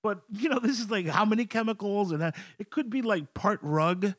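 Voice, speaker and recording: A man guesting on a comedy podcast, riffing in a profane, animated way. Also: high-pitched, brisk, no room sound, studio quality. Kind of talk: casual comedy podcast banter.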